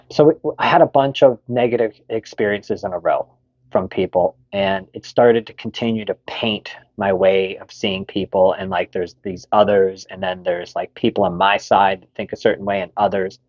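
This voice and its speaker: Low-voiced man telling a frank story. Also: fairly even intonation, normal speed, a little mellow, dry recording, dull audio. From Canada. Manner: frank, swears freely, many fillers. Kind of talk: candid personal story.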